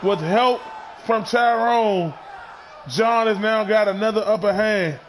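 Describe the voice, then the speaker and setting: A man with a very high voice calls a wrestling match play by play, loud and excitable, often shouting and tripping over his words. A faint crowd murmurs behind him. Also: slow pace, slight background noise. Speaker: wrestling commentator. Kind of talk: play-by-play commentary.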